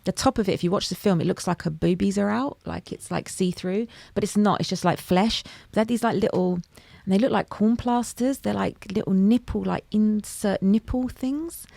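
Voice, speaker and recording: A woman's voice: mid-range voice, normal speed, vocal fry, warm tone, no room sound. A woman, a comedian and actress, chatting animatedly as a podcast guest and telling anecdotes in a studio. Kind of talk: lively casual chat.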